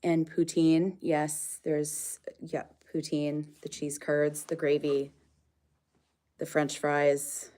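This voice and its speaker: A woman's voice: low-pitched, monotone, slow pace, warm tone. A woman hosting a casual farm livestream, chatting with viewers and coaxing her animals in a sing-song.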